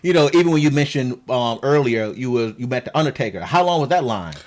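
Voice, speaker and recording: A man's voice: mid-range voice, expressive, fast. A man hosting a casual podcast, asking questions and repeating words as he gathers his thoughts. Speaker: podcast host.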